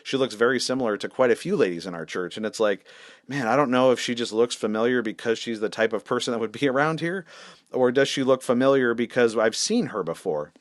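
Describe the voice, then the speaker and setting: A man's voice: medium pitch, lively intonation, a little fast, no room sound, studio quality. A man, a senior pastor, telling a story in a casual, wry, self-deprecating way with lots of fillers.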